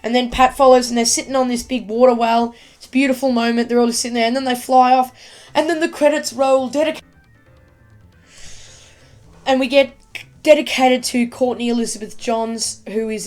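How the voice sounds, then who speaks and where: Woman, casual show review, excitable, rambling, fairly high voice. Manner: excitable, rambling, many fillers. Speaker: YouTube TV reviewer.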